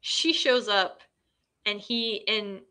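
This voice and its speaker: A woman's voice: mid-range voice, slow, pushed and bright, clear, resonant tone. A woman hosting a casual film recap, chatty and full of fillers, retelling scenes in quoted dialogue. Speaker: host.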